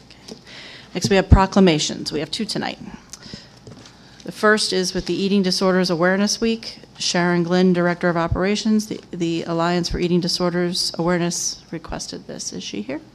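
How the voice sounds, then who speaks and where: A woman chairing a city commission meeting, reading agenda items and a formal proclamation aloud in a steady, even manner. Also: on the low side, a little fast, slight background noise.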